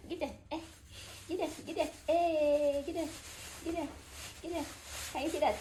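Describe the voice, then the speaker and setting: A woman hosting an unboxing vlog, talking in excitable, gushing exclamations. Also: sits high, normal speed, pauses often, slight background noise. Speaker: vlogger.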